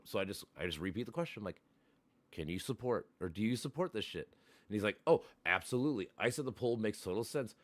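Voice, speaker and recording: A man with a fairly low voice talks in a casual livestream chat, swearing freely as he retells an argument with a friend. He acts out both sides in lively quotes. The sound is close and dry, with no room echo. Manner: profane, animated, acts out both sides of a debate. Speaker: livestream host.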